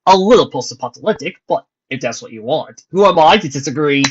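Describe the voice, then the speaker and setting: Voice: medium pitch, lively intonation, a little fast, slight background noise, close to an everyday voice. A reader playing a jovial chaotic creature with a grandiose flair. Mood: teasing. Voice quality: theatrical, grandiose. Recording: dull lo-fi recording.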